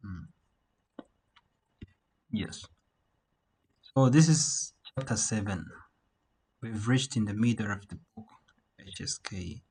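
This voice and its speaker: Slow husky man teaching Mandarin. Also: lowish voice, rough recording. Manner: repeats words slowly for learners to copy. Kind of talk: online language lesson. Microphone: video call.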